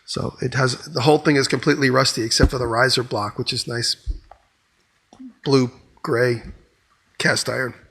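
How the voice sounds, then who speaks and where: A man's voice: mid-range voice, steady tone, normal speed, vocal fry, pauses often, fairly bright tone, husky. A man co-hosting a podcast, telling a long rambling story with lots of restarts. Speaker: podcast co-host. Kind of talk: casual chat.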